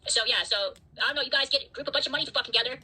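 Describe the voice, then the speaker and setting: A woman hosts a livestream and rants at her chat in an angry, profane, defiant way. Her voice is sharp, bright and husky, a little higher than most. She talks very fast into a home computer mic. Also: rough recording. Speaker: livestream host.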